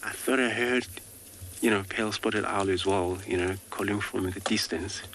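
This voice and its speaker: Deep-voiced safari guide, relaxed. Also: male voice, moderate pace, a little hiss or hum. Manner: relaxed, many filler words. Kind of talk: live wildlife commentary. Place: outdoors on a safari drive.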